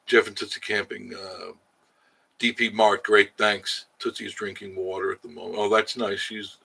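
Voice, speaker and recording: A man's voice: fairly low pitch, little pitch movement, normal speed, creaky, sharp tone, slightly rough. A man hosting a casual live stream, chatting with viewers by name and joking between laughs. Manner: chatty, jokey, laughs often. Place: outdoors in the Smoky Mountains.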